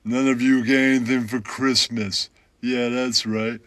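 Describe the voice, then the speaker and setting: A man doing a parody stand-up routine in a deadpan way, with a repeated catchphrase. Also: medium pitch, unhurried, dry recording. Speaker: comedian parody.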